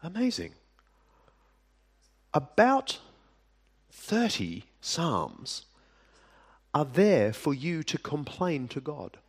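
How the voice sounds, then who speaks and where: A man preaching a sermon, speaking deliberately with dramatic pauses and sudden drops to a hush. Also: a little high, very animated, husky. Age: adult. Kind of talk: sermon to a live audience.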